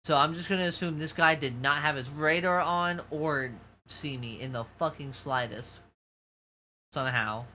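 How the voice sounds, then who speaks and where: A man with a soft, feminine-sounding voice and a slight New York accent, chatting loosely to a livestream audience. His tone is bright and forward, and he swears freely as his stories wander. A faint hum of noise sits under the voice. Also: fairly high pitch, normal speed. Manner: rambling, profane storytelling to chat. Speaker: VTuber streamer. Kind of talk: casual livestream chat.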